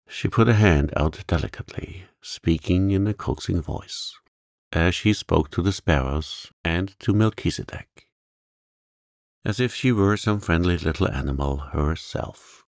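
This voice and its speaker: A man narrating a calm bedtime story in a gentle, soothing way. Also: sits low, unhurried, no room sound, studio quality.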